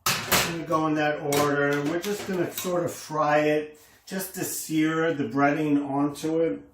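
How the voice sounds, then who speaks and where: A man's voice: a little high, level tone, measured pace, a bit bright. A man casually demonstrating a recipe in a kitchen, enthusiastic and exclaiming over the food as he works. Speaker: home cooking host. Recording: echoey room, faint noise.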